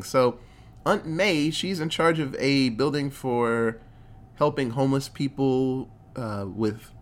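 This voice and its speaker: A man giving a casual, profane movie recap, excitable and acting out the quotes. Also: mid-range voice.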